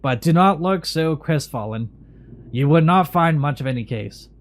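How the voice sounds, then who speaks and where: A man's voice: on the high side, expressive, normal speed, close to an everyday voice. A man reading the lines of a weary, long-serving asylum caretaker in a game.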